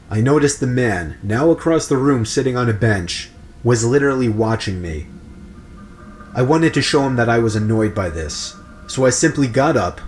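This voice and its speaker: A man giving a scripted, steady narration of a creepy story. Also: mid-range voice.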